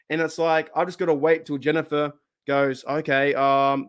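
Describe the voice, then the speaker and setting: A man's voice: a little high, flat delivery, normal speed, clean tone. An Australian man hosting a live sports podcast, fired up and rambling as he reads chat comments aloud. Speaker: podcast host.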